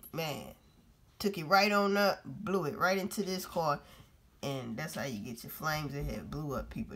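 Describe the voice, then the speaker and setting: A woman vlogger commenting on news clips in a blunt, profane, casual way, talking straight to her viewers. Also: fairly low pitch.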